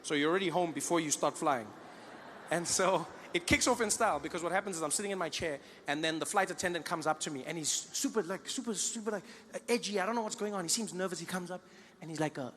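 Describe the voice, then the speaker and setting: A man from South Africa with a South African accent, telling stories in live stand-up, animated and laughing at his own lines. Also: high-pitched, fast talker, in a large hall, a little hiss or hum. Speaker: stand-up comedian. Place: large live comedy venue.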